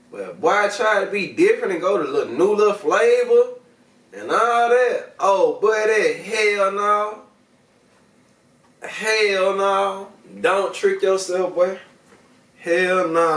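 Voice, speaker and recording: A man's voice: high-pitched, echoey room, far from the mic. A man hosting a vlog, chatting casually and profanely straight to his viewers in heavy slang while he reviews what he is smoking. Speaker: video host reviewing smoking products.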